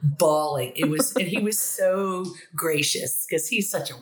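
A woman's voice: deep voice, a little slow. A woman in her fifties, a band director who is a podcast guest, telling stories in a chatty way and laughing often. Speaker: guest, university director of bands. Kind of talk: casual interview chat.

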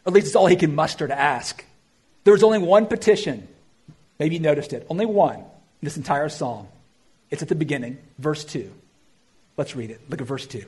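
Animated, husky-voiced male preacher. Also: a little high. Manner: animated preaching, swinging from loud emphasis to quiet, drawn-out phrases. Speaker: pastor. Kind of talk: sermon.

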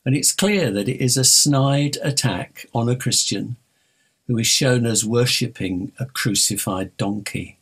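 Male preacher from North London, husky tone, emphatic storytelling sermon delivery. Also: medium pitch, a little slow, a bit bright.

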